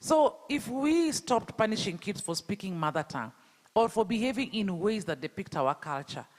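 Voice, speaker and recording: A Kenyan man with a Luo accent speaks at a fairly high pitch, pressing his audience with rhetorical questions. His voice carries a long echo from a reverberant hall. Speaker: speaker at an education event. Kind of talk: public talk.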